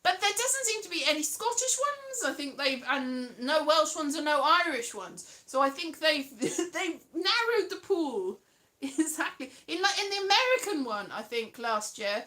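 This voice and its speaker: A woman hosting a live weekly stream chats casually in a high, pushed, bright voice with big pitch swings, unhurried in pace. She rambles and giggles with frequent laughs, now and then slipping into silly put-on voices and sung bits.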